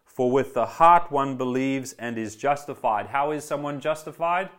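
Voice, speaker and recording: A man's voice: mid-range voice, normal speed, a bit bright. Earnest, emphatic male preacher. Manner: earnest, emphatic, repeats key phrases; eager, addresses congregation directly. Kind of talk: sermon.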